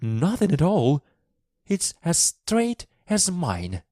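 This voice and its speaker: A man playing a sharp, bossy little girl. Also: mid-range voice, sing-song, slow, dry recording, clean studio sound, pitched above the performer's own voice. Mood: firm. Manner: sharp, scolding. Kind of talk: storybook reading for English learners.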